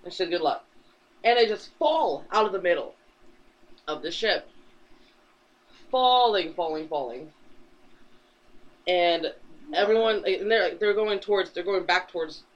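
A man co-hosting a podcast, casually retelling a comic book plot in a rambling way, swearing freely and dropping into quick character voices. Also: high voice. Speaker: podcast co-host. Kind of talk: casual chat, recapping a comic. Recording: dull lo-fi recording.

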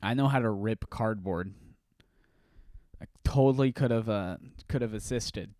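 A man hosting a casual solo podcast, rambling through animated stories with frequent restarts. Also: on the low side, a little slow, no room sound, clean studio sound. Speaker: podcast host.

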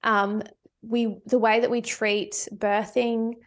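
Woman on a podcast, a bit higher voice, thoughtful and earnest. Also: level tone, takes it slowly. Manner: earnest and reflective, with fillers. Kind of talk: casual conversation.

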